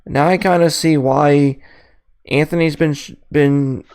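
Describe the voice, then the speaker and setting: A man's voice: on the high side, fairly even intonation, unhurried, darkish tone, clean tone. A young man co-hosting a casual podcast chat, laid-back and laughing often.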